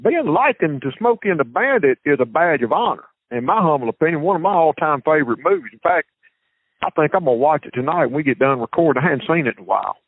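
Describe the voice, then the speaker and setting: A man's voice: a little high, expressive, fast talker, no room sound. Southern guy hosting a podcast, folksy, repeats himself, tinny dry line. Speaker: podcast host. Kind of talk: casual chat.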